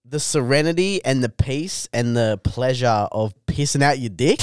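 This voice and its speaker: A man's voice: mid-range voice, lively intonation, normal speed, few pauses, darkish tone, clean tone, no echo, studio quality. A young Australian man co-hosting a podcast, bantering crudely with mock-solemn flourishes. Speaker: podcast co-host. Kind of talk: casual banter.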